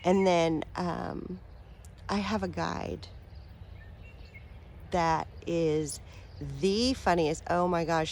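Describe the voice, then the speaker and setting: A woman talking straight to her viewers as a spiritual vlogger, earnest and affectionate, rambling with fillers and soft laughs. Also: on the low side, fairly even intonation, drawn-out words, long pauses, slight background noise. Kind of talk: heartfelt direct-to-camera talk.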